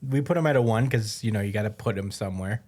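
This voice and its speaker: A man's voice: fairly low pitch, fast talker, a little mellow. A man co-hosting a podcast, chatting casually, agreeing and joking with his co-host. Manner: laid-back, agreeing and joking. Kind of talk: casual chat.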